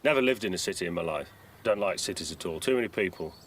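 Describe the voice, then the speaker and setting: A man's voice: sits low, lively intonation, quick pace. A middle-aged man from Cumbria, a farmer, speaking modestly and hesitantly in a documentary interview recorded outdoors. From Cumbria, England. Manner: modest, hesitant, many ums. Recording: outdoor noise, rural background.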